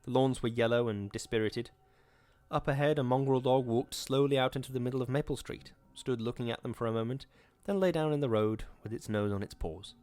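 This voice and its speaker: A man hosting a show, reading a horror story aloud in a steady, measured way. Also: medium pitch, dry recording.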